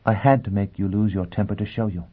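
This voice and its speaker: Female role, young, icy and scornful, quiet deliberate delivery, male reader puts her on, phone-line tone. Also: on the low side, fairly even intonation, natural voice. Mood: cold, quiet. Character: tense, scornful young woman, icy then hysterical. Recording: tinny phone-like sound.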